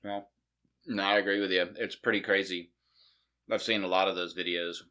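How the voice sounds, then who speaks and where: A man hosting a casual podcast, spinning a rambling story full of curse words. His voice sits fairly low but has a bright, forceful tone. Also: fairly even intonation, normal speed. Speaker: podcast host. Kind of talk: casual chat.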